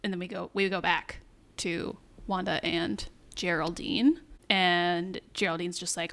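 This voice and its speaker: A woman co-hosting a podcast, recapping a series in casual chat with quick asides. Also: fairly low pitch, fairly even intonation, fairly bright tone. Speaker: podcast co-host.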